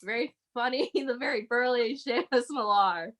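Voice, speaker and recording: A woman's voice: a little high, moderate pace, a bit bright. A woman hosting an online stand-up show, chatty and loose, giggling between bits. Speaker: show host.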